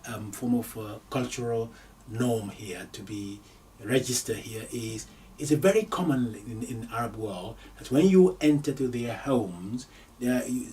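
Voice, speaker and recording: A man teaching an Arabic language lesson, repeating each phrase slowly for learners, with frequent hesitations. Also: medium pitch, a little mellow, recorded from a distance. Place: lives in London.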